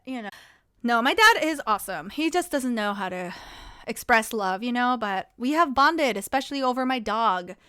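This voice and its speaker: A young woman streamer chatting casually with her viewers, rambling and quick to laugh. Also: a little high, pushed and bright, clear, resonant tone.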